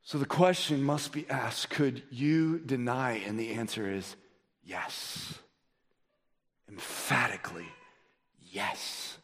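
A man preaching a sermon as pastor, asking the congregation rhetorical questions and swinging between loud emphasis and low, quiet delivery. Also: a little slow, hardly any pauses, big-room sound.

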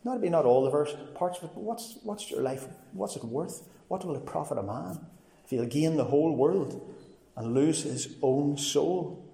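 A man's voice: fairly high pitch, animated, moderate pace, vocal fry, dark tone. Earnest man preaching in an echoing hall. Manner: earnest storytelling, quoting others in dialogue. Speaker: preacher giving his testimony. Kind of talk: personal testimony sermon. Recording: reverberant hall.

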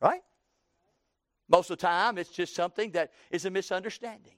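A man in his sixties preaching a sermon, slowing down for emphasis and breaking into loud acted quotes. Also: sits high, no room sound, studio quality.

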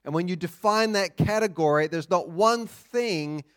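A man preaching a sermon, teaching in a deliberate, emphatic way with pauses. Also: high voice, fairly bright tone. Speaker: pastor.

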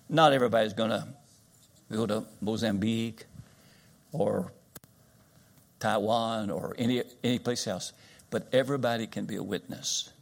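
A man preaching a sermon, swinging from loud high-pitched exclamations to hushed, earnest low tones. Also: fairly even intonation, moderate pace, vocal fry.

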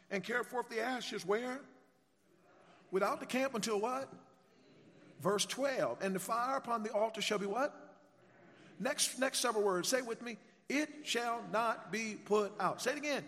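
High-voiced preacher in a reverberant church. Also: male voice, normal speed, pauses often, fairly bright tone. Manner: call-and-response with congregation, rhetorical questions. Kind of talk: sermon. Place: church sanctuary.

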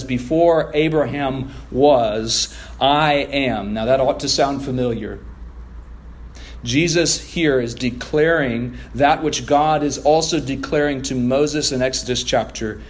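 A man preaching an evening sermon to his congregation, reading scripture and stressing key words emphatically. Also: medium pitch. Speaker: pastor.

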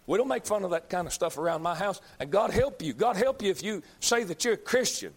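High-voiced preacher man. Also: lively intonation, fast, few pauses, slightly rough. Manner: emphatic, repeats lines, builds to shouts. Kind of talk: fiery sermon.

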